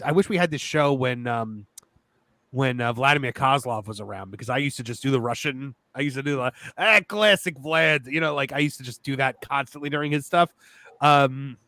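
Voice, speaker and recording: A man's voice: medium pitch, a bit bright, no echo. A man hosting a casual livestream chat who reads out viewer questions and chats easily with his co-hosts. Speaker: livestream host.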